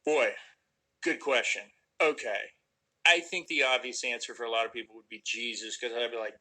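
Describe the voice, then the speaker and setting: A man's voice: mid-range voice, fairly even intonation, moderate pace, sharp tone, rough recording. A man casually answering viewer questions on a livestream, rambling and joking, sometimes trailing off into mumbles. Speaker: actor answering fan questions.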